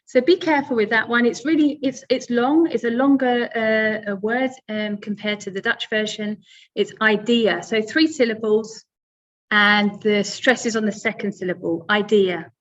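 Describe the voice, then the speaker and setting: A woman's voice: fairly high pitch, fairly even intonation, moderate pace, highs cut off. A woman teaching English pronunciation in a webinar, patient and step by step, with many fillers. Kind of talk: webinar lesson.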